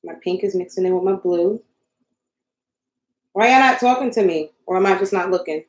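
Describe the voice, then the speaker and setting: A woman's voice: medium pitch, moderate pace. Flustered woman crafting live on stream. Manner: flustered, talks to viewers while crafting; joking, self-mocking. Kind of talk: casual live-stream chat. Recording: roomy echo.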